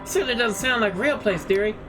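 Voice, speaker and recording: A man's voice: high-pitched, fast talker, natural voice. A man voicing a prim middle-aged woman librarian who calls people dearie, sweet but guarded. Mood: sweetly prim. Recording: game music playing underneath.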